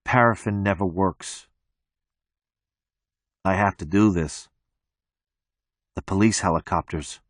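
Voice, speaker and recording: A man narrating an audiobook in the first person, with a flat, detached delivery. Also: low voice, slow, long pauses, no room sound, clean studio sound.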